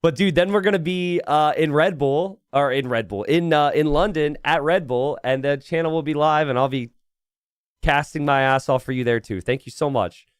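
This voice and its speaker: A man's voice: fairly high pitch, normal speed, clear, resonant tone, dry recording. Guy casting a game on stream, just rambling and chatting w his viewers, dry close mic. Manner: chatty and rambling, thinks aloud and talks to chat. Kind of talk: casual live-stream commentary.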